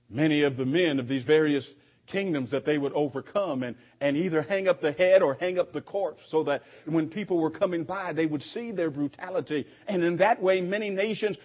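A man preaching a sermon, reading scripture aloud and explaining it with frequent halting restarts. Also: on the high side. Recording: dull lo-fi recording.

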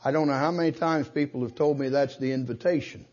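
A man's voice: mid-range voice, fairly even intonation, quick pace, dull audio. An older man preaching a sermon, pressing his point with rhetorical questions and punching key words. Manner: emphatic, rhetorical questions, rising to loud stresses.

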